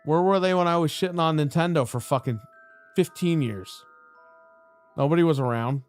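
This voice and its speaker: A man's voice: on the high side, moderate pace, clean tone, soft background music. A man ranting angrily and bluntly on a live stream, swearing heavily and mocking the people he argues with. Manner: angry, blunt and heavily profane, mocking voices he quotes. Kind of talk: profane rant on a live stream.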